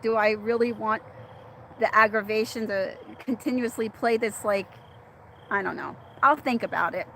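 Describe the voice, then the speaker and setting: A middle-aged woman runs a laid-back livestream, reading viewer chat, speaking directly to her audience and laughing a lot. She's chatty and replies to commenters by name, her voice a bit high for a woman, with a faint hum of noise beneath it.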